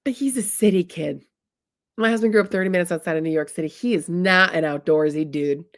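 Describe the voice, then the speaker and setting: A woman's voice: on the low side, a little fast. A woman from the US Midwest telling a funny personal story in a chatty, comic way, often calling her listeners "y'all". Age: adult, married. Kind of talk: humorous storytelling talk.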